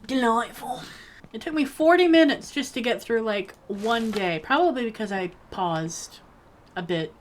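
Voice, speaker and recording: A woman's voice: a little high, animated, moderate pace, a little hiss or hum. Rambling woman narrating her gameplay. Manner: rambling and playful, talks to herself and to game characters; jokey mock-bossy outbursts. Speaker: gaming video creator. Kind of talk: casual gameplay commentary.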